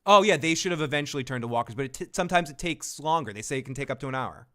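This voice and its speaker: A man's voice: mid-range voice, lively intonation, racing, bright, forceful tone. A man hosting a casual review chat, easygoing, laughing often while recapping scenes. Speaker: host.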